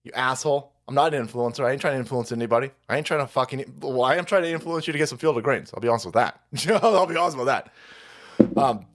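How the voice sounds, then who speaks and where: A man's voice: mid-range voice, quick pace. A man hosting a livestream, ranting profanely and mockingly in political commentary. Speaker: livestream host.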